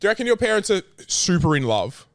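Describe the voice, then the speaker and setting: A young man cuts in with short, curious questions and dry little jokes. His voice is a mid-pitched, casual podcast voice. The sound is close and dry. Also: sing-song, fast talker, creaky, no echo. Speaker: podcast co-host. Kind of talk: casual chat.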